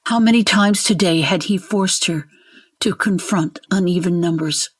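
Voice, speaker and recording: A woman narrating a fantasy short story in a measured, deliberate way. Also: on the low side, slightly rough.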